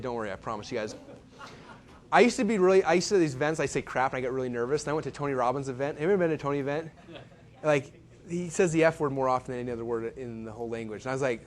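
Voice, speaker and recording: A man's voice: medium pitch, a little hiss or hum. A man presenting a live marketing seminar, telling stories and tossing questions and asides to the audience. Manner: fast, animated storytelling with asides to the audience.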